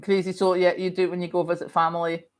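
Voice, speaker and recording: A middle-aged Scottish woman hosting a casual livestream, chatting and reading viewer comments, telling stories in a chatty, animated way while she has a lingering cough. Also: lowish voice, quick pace. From Scotland. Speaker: livestream host.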